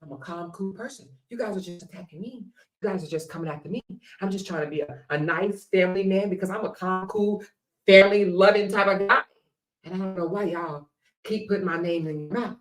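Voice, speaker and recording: A woman mocking a male panelist who swings from whiny, soft pleading to screaming, profane rage. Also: on the low side, brisk, voice pushed down, lightly acted. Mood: meek pleading.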